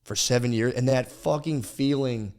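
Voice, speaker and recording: A man's voice: mid-range voice, normal speed, a little mellow. A man hosting a podcast in casual chat, rambling and self-deprecating, swearing a lot and restarting his sentences often. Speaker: podcast host.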